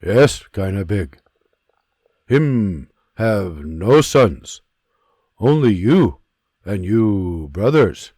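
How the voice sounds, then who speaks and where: A man voicing a steady Native American frontiersman who speaks slow, broken English. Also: lowish voice, no room sound, clean studio sound, voice pushed down, exaggerated voice. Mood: solemn.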